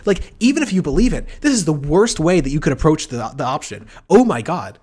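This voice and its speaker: A man's voice: a little high, very animated, a little fast, few pauses. A man hosting a casual political livestream, rambling and sarcastic, with a profane, joking way of talking. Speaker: livestream host.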